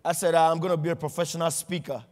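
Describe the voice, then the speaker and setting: A man's voice: a little high, steady tone, fast, darkish tone. A middle-aged man giving a humorous motivational keynote, telling stories and acting out the dialogue. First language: not English. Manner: storytelling with acted dialogue, humorous. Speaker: motivational speaker. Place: large event hall. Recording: reverberant large hall.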